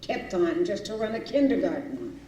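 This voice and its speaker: A woman's voice: medium pitch, sing-song, moderate pace, mellow, a little hiss or hum, natural voice. A woman acting a jaded household cook in a stage play, tossing out dry, sardonic quips. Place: small community theater stage. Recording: roomy stage sound from far off.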